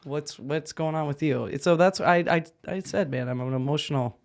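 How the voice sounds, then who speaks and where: An anxious man co-hosting a podcast, telling stories in an animated way, laughing often and jumping up in pitch when worked up. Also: normal speed, gravelly. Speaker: podcast co-host. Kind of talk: casual chat.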